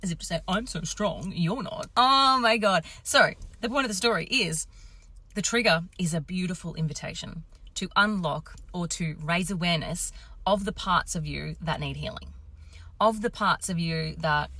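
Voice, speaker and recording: A woman in her thirties talks straight to camera in a low, grounded voice. She's candid and animated, swearing freely as she tells a story. The sound is dry and close. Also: moderate pace, no echo. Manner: animated, swearing, acts out quotes. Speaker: confidence coach.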